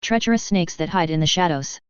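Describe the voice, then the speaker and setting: A woman's voice: on the low side, a little fast, smooth, dry recording, lo-fi sound, natural voice. A woman reading aloud, voicing a drunken old hag who wails warnings about snakes. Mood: raving. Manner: cackling, wailing prophecy.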